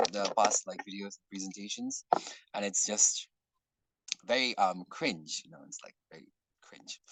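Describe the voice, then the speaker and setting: A man leading an online workshop in casual talk, earnest and rambling, often clearing his throat. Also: lowish voice, no echo, low-quality recording. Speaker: workshop facilitator. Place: online video call.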